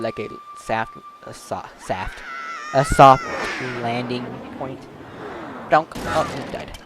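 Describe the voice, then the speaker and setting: Man, casual gameplay commentary, rambling, many fillers, medium voice, video game music behind. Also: medium pitch. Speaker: let's play gamer.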